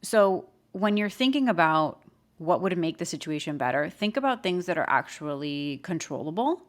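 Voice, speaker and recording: A woman hosting a podcast, giving casual advice in an emphatic, animated way and laughing often. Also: lowish voice, moderate pace. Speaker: podcast host.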